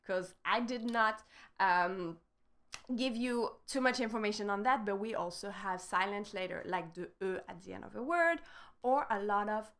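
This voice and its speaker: A woman's voice: medium pitch, moderate pace, a bit bright. A woman with a French accent, a native French speaker, teaching a casual live-stream lesson and explaining step by step in chatty English with small grammar slips.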